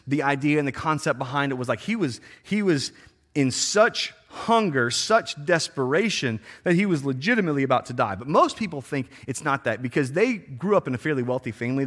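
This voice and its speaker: A man's voice: fairly high pitch, fairly bright tone. A man preaching a sermon in a casual, slangy way, acting out the people in the story with playful voices. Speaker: pastor.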